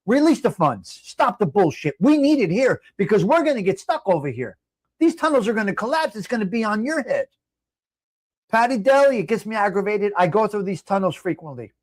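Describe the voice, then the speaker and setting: A New man rants on his livestream, angry and swearing, his voice pitched high for a man. He is recorded dry and close, with no room sound. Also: sing-song, a little fast, dry recording. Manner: angry, profane, shouting at times. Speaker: livestream host. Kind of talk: heated livestream rant.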